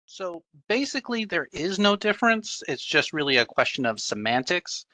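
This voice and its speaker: A man with a bright, slightly higher voice explains technical points as an expert panelist. The sound is dry and close, as on a video call. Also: sing-song, moderate pace, no echo. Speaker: panelist, records imaging expert. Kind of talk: explanatory webinar answer.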